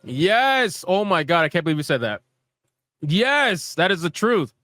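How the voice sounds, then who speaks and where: A man riffs on a live gaming stream, blunt and profane, mocking his rivals with emphatic jabs. His voice sits high and sounds bright and forceful. The sound is dry and close. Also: sing-song, unhurried, dry recording, soft background music. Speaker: streamer host.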